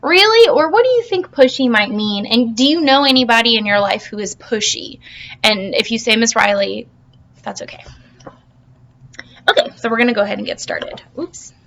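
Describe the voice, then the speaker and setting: A woman's voice: a little high, lively intonation, moderate pace, a bit bright. A woman teacher reading a storybook to her class over video, playful and full of questions for the kids.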